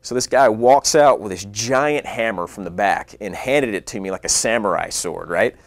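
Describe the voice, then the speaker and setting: A young man, an actor, telling a fast, animated story about himself in a casual way. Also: lowish voice, no room sound. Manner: animated, acts out his own lines in a rising voice. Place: California.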